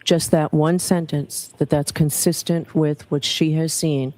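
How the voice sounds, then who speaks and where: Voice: mid-range voice, steady tone, unhurried, darkish tone. Judge on the bench, firm rulings, courtroom feed with faint hiss. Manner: firm, decisive.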